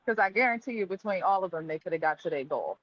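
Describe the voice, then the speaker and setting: A woman's voice: lowish voice, expressive, fast talker, no echo, muffled recording. A woman joining a reality TV recap from her workplace, giving blunt, opinionated takes. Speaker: co-host guest. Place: at work.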